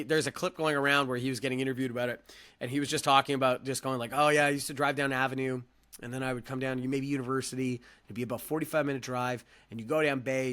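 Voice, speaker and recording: A man co-hosting a casual sports podcast, rambling with restarts and fillers in an animated way. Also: mid-range voice. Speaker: podcast co-host.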